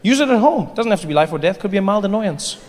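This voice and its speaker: A man performing a stand-up comedy set, animated and playful, on a large theater stage. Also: high-pitched, fast. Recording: long hall reverb, faint noise.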